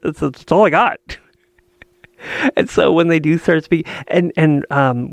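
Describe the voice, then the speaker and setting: A man's voice: mid-range voice, no echo. A Canadian man co-hosting a casual podcast chat over a call, telling stories with lots of laughter and quoted back-and-forth. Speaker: podcast co-host. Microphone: video call.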